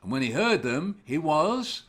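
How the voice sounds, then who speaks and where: Expressive man telling kids' stories. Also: fairly high pitch. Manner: slow, exaggerated, expressive storytelling. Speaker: children's storyteller. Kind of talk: storytelling for young children.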